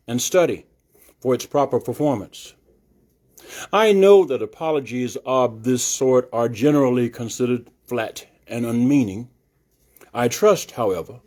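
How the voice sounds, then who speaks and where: A solemn 19th-century abolitionist orator, as an older man reads his speech aloud. The delivery is formal and declamatory, slow and weighty, with a dark, mellow tone. It is spoken to a live audience in an art gallery. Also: medium pitch. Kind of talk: oratorical reading.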